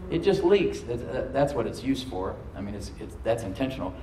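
A middle-aged male pastor preaches to his congregation in a church hall, exhorting them and repeating phrases for emphasis. He speaks very animatedly and fairly quickly in a medium-pitched, dark voice. The recording has a roomy church echo and slight background noise.

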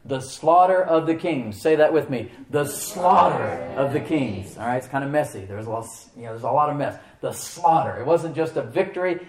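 A man's voice: on the high side, darkish tone. A middle-aged man preaching a sermon as pastor, talking conversationally and often asking the congregation questions.

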